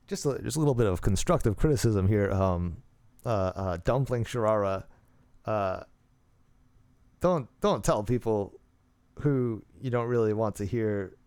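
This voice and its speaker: A man's voice: on the low side, darkish tone, clean tone. A man hosting, reading messages aloud with dry, sarcastic, mock-serious commentary. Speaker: host.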